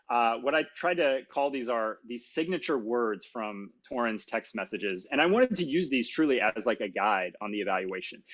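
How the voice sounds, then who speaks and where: Man, middle-aged, tech talk speaker, casual, self-deprecating, filler words, medium pitch, slightly dull lo-fi sound. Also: a bit bright. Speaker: conference speaker. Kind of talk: technical conference talk.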